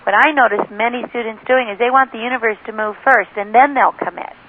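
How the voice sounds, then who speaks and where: A woman's voice: on the high side, brisk, a little hiss or hum. A woman author and spiritual teacher giving an interview, telling stories with enthusiasm and often quoting other people. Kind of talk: phone interview, teaching talk. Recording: tinny phone line.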